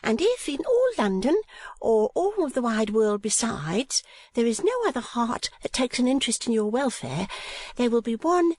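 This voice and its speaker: A man's voice: very high voice, sing-song, normal speed, a little mellow, no room sound, pitched above the performer's own voice, full character voice. A man reading an audiobook, voicing a kindly, lonely little middle-aged woman who speaks tenderly. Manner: tender, heartfelt.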